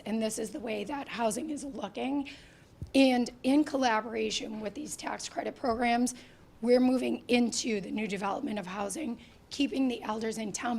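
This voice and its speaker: A woman who has lost her voice, speaking softly and earnestly at a public town meeting as a housing authority director. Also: a little high, creaky. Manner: soft-spoken, earnest and insistent.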